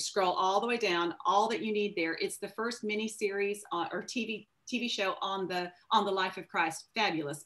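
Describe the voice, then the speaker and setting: A woman novelist, a guest on a video call, telling stories in a casual, animated way with many restarts. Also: mid-range voice. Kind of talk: casual conversational interview.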